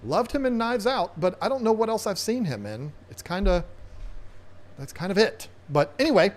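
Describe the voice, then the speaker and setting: A man's voice: high-pitched, very animated, normal speed. A man hosting an aquarium live stream, chatting in a casual, rambling, playful way with viewers. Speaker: aquarium channel host.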